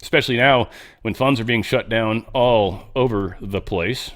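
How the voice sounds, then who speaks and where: A man's voice: on the low side, normal speed. A man hosting casual political commentary, blunt and rambling, with swearing and off-the-cuff asides. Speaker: host.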